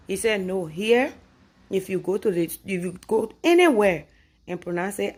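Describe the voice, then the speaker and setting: A woman from Liberia with a Liberian English accent, telling a comic story about her boyfriend and arguing her side with rising force. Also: moderate pace. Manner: animated, rising loud and high when arguing her point. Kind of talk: comic anecdote told to camera.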